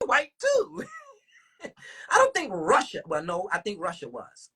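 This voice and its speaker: A woman with a husky voice, hosting a casual livestream and ranting in animated, profane talk full of rhetorical questions. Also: mid-range voice, slow pace. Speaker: livestream host.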